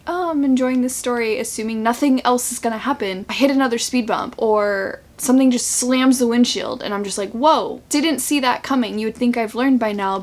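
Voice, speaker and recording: A woman chatting casually at home in a reading vlog, excitable and gushing, laughing often between thoughts. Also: on the high side. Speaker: book vlogger.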